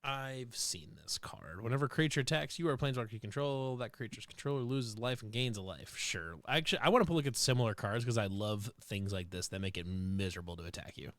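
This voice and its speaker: A man co-hosting a podcast in a relaxed way, reading card text aloud and joking around. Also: mid-range voice, fast, few pauses, dry recording. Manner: laid-back, reads card text aloud, laughs often. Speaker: podcast co-host. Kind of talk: casual chat about card game deckbuilding.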